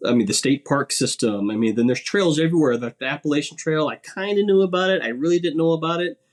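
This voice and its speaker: A man's voice: a little high, fast. A man chatting casually as a podcast guest, rambling a little and repeating words as he starts his sentences.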